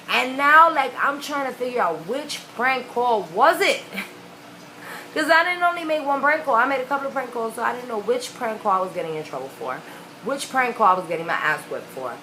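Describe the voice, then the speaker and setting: A woman's voice: on the high side, pushed and bright, slight background noise, low-quality recording. A young adult woman telling a childhood story in a frank, casual, profane way. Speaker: vlogger.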